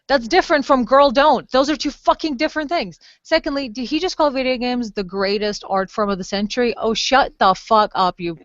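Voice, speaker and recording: A woman's voice: on the high side, brisk, hardly any pauses, fairly bright tone, no echo, lo-fi sound. A woman co-hosting a podcast, blunt, mocking and profane as she argues her points. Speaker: podcast co-host. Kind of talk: casual ranting podcast chat.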